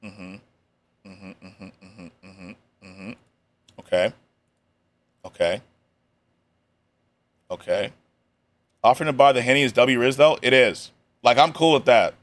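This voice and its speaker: A man on a live stream reacts to a video with relaxed, slang-heavy chatter, his voice at an ordinary male pitch. His delivery is loose and offhand, full of joking asides, and he takes it slowly with long pauses.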